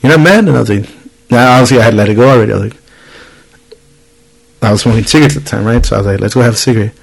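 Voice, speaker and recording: A man's voice: lowish voice, steady tone, rapid-fire, creaky, rough recording. Casual swearing man telling a story. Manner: storytelling, swears freely, acts out quoted voices. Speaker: podcast host. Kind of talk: casual chat.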